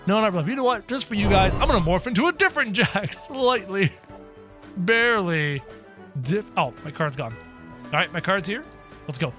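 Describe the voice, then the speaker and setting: Excitable high-voiced gaming host. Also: male voice, normal speed, soft background music. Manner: excitable, yelping at the screen. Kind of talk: game commentary.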